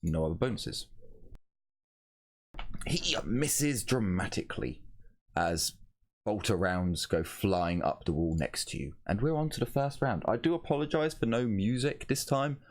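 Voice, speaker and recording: A man narrating as game master of a tabletop game, casual and halting, often stopping to correct himself. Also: medium pitch, big pitch swings, darkish tone. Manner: casual, halting, with frequent ums and self-corrections.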